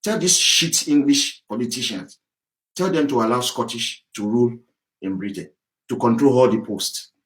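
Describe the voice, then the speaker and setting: Man, furious political rant, repeats himself for emphasis, mid-pitched voice. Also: moderate pace, a bit bright, low-quality recording. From southwest Nigeria (Yorubaland). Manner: angry, ranting, emphatic, repetitive. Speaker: political campaigner. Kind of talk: impassioned political monologue.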